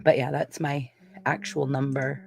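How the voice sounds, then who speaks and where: A woman's voice: very deep voice, flat delivery, measured pace, gravelly, husky. A woman in a casual group voice chat who talks freely and swears casually.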